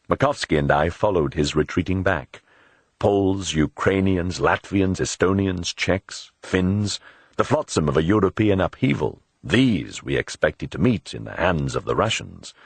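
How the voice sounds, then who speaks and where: A man narrating a memoir audiobook in a measured, scripted delivery, lightly voicing the characters in dialogue. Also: deep voice, expressive, slightly rough, no echo.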